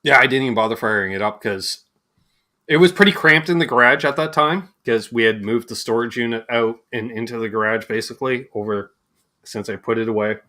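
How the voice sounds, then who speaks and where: A man's voice: medium pitch, a little fast. A Canadian man hosting a casual livestream chat, telling joking stories. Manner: joking, animated storytelling. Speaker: host.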